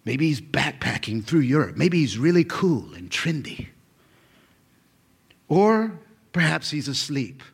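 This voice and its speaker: A husky-voiced man in his forties delivering a sermon, his pitch leaping high and dropping low with lively sweep. He is a pastor who jumps between loud, excited bursts and near-whispers, and his voice sits a little higher than most men's. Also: measured pace, pauses often. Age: 40s. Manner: animated, swings from shouting to hushed whispers.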